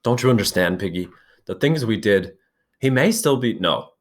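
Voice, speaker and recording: A man reading a novel aloud and voicing a shaken, brooding boy leader in a low, strained voice. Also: animated, normal speed. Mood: stricken.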